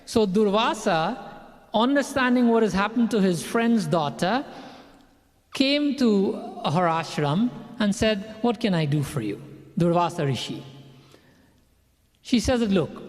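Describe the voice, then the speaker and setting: A man with a high voice tells a sermon story, slipping into the characters' lines as he goes. His voice carries a long reverb from the room. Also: expressive, measured pace. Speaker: pandit giving a sermon.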